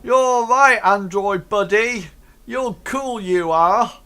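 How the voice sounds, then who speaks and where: A man's voice: sits high, slow pace, bright, forceful tone, smooth, pitched above the performer's own voice, exaggerated voice. A man voicing a rowdy gang of crude, mocking ruffians in a tabletop game. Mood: jeering.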